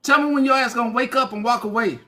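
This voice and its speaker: A bright, sharp-toned voice addressing a livestream chat in a long monologue. The talk is coarse and mocking, circling back over the same jabs again and again. It has the close, informal sound of a phone held indoors at home. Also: medium pitch, fast. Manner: profane, taunting, repetitive.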